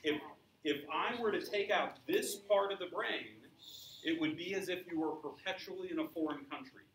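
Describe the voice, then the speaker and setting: Male science teacher, slightly high voice, echoey classroom heard from a distance. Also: moderate pace, fairly bright tone, slight background noise. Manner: asks the class questions, explains with examples. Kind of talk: classroom lecture.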